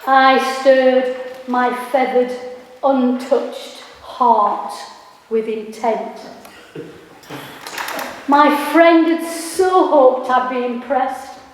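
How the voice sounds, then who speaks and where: Slow, high-voiced woman reading poetry. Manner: slow, measured and deliberate. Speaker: performing poet. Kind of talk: spoken-word poetry reading. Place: live event in a hall. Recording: echoey hall, faint noise.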